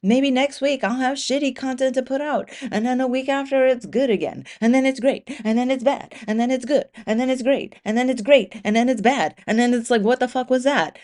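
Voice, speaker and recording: A woman with a slightly high voice hosts a solo motivational podcast. She talks casually and swears freely. She acts out the inner voices of imagined runners. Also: fairly quick, few pauses. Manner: animated, profane, acts out imagined racers' thoughts. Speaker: podcast host.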